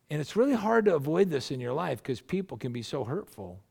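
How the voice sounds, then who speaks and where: Gravelly-voiced preacher telling a story. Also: male voice, a little high, expressive, fast talker, a little mellow. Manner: conversational storytelling preaching, many restarts. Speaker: pastor. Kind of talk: sermon.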